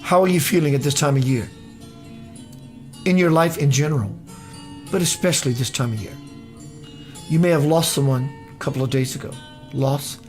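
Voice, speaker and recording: A man hosting a radio show, reading a personal story aloud in an unhurried way and often breaking into laughter. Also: mid-range voice, faint music behind.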